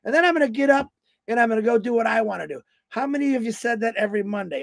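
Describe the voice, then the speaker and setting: A man in his fifties talks in a high, raspy voice with a lot of gravel. He rambles through a folksy motivational talk on a livestream and acts out the voices of the people in his stories. The sound is dry and close. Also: animated, fast, dry recording. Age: 50s. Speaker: motivational speaker on a company livestream.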